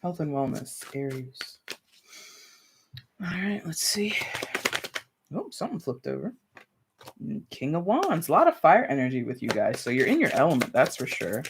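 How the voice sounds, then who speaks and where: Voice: medium pitch, big pitch swings, moderate pace, noisy background. Chill tarot reader on a livestream, rambly, lots of "like" and "you know", talking right to the chat. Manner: chatty and loose, full of "like" and "you know"; talks straight to viewers with light laughs. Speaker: tarot reader hosting a live stream. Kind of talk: casual live-stream tarot reading.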